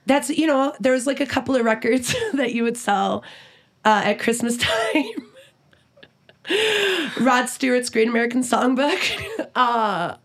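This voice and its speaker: A middle-aged woman talking casually in an interview, with a gravelly edge of vocal fry at the bottom of her voice. She is blunt and swears freely, laughing a lot as she talks. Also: fairly high pitch, expressive, slow, pauses often. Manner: blunt, profane and laughing often. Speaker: musician guest.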